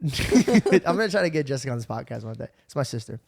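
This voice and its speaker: A man hosting a casual podcast, telling a story in an animated way, laughing often and tired from no sleep. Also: mid-range voice, fast talker, gravelly. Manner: animated, laughing, does voices of friends. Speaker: podcast host.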